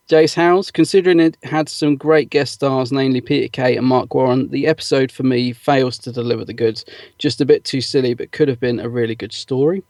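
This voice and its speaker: A man's voice: mid-range voice, fairly even intonation, a little fast, a little mellow, dry recording. Man, podcast co-host, casual chat, reading comments, chatty with ums, dry close sound. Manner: chatty, with frequent ums and laughs.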